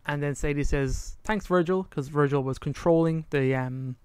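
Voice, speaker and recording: A man's voice: a little high, fairly even intonation, normal speed, darkish tone, clean tone, no echo. A man co-hosting a podcast in casual chat, animatedly retelling a story and acting out the lines, sometimes trailing off to recall details. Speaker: podcast co-host.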